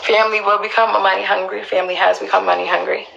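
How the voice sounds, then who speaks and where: A woman's voice: medium pitch, little pitch movement, quick pace, creaky, a bit bright, highs cut off, a little hiss or hum. A woman on a live stream, talking emotionally and emphatically, swearing and repeating herself for stress, often asking listeners if they understand. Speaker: livestreamer speaking up for her mother.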